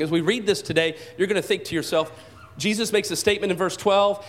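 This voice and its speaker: A man preaching a sermon at a church service into a microphone, talking conversationally, asking the congregation questions and often repeating his first words. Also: high voice. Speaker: pastor. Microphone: handheld or stand microphone.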